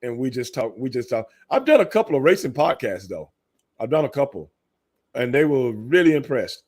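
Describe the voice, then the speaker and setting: A middle-aged man with a Texan accent, hosting a casual podcast chat and telling stories with lots of laughter and sudden excited high bursts. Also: normal speed. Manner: animated storyteller, laughs often, jumps into high excited bursts. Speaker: podcast host.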